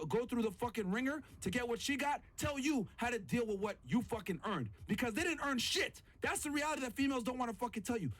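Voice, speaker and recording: A man hosting a podcast, giving heated reaction commentary full of profanity and repeated phrases. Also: extremely high pitch. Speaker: podcast host.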